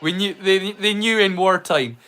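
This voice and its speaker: A man's voice: sits high, normal speed, bright, forceful tone. A man with a Scottish accent hosting a live watch-along, chatting in a rambling way and breaking into song. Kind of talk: casual chat.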